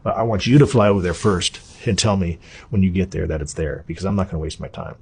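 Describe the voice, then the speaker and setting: A middle-aged man with a husky voice, telling his story as an interview guest in an animated, profane, casual way. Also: low voice, fast.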